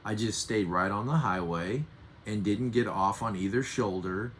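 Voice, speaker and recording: In a teaching talk to camera, a middle-aged Enneagram relationship coach explains how to handle anger, earnestly and with emphasis, acting out short example dialogues. His voice is lowish and fairly bright, at a moderate pace, with a little hiss or hum.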